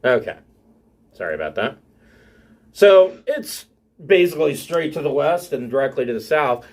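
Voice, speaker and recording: A man acts as game master for a tabletop game, narrating in a fairly high, sing-song voice. He halts often and fills the gaps with ums and uhs.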